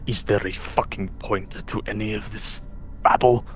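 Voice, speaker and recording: A man's voice: lowish voice, fairly even intonation, normal speed, a little hiss or hum, lightly acted. A man doing a furious, scornful human warrior. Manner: shouting, bitter and defiant. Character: proud embattled human male warrior, scornful.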